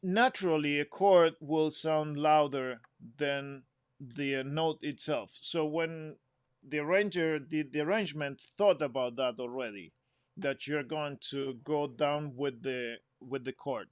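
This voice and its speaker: A man's voice: on the high side, a little slow, smooth, no echo. A man giving an instrument lesson, explaining phrasing patiently, humming example phrases and counting the group in. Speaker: music teacher.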